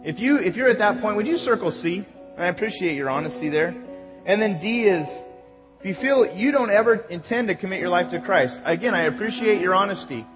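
A man's voice: high-pitched, expressive, a little fast. A male pastor giving church announcements in a conversational way, stopping now and then to correct himself. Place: church sanctuary. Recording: echoey hall, dull sound, music behind.

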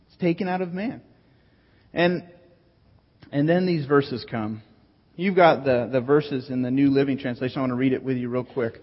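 A man's voice: mid-range voice, moderate pace, long pauses. A man preaching a sermon as pastor in a church hall, earnest and teacherly, repeating key phrases. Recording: dull audio with long hall echo.

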